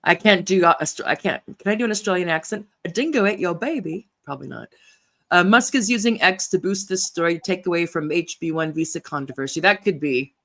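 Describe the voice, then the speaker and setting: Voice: medium pitch, fairly quick, few pauses, fairly bright tone. A host running a political interview over a video call, rambling with many fillers and frequent laughs.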